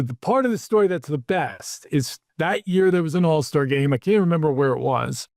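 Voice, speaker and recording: A man hosting an interview, telling lively anecdotes about his PR career and acting out the quotes. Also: a little high, dry recording, clean studio sound. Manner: animated anecdotes, acts out quotes. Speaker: podcast host, PR executive. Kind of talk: casual storytelling interview.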